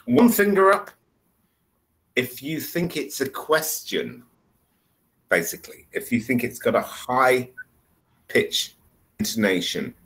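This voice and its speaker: A man's voice: mid-range voice, very animated, takes it slowly, pauses often, bright, forceful tone, poor audio. A man tutoring English one-on-one over a video call, explaining patiently with repeated examples. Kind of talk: one-on-one online English lesson.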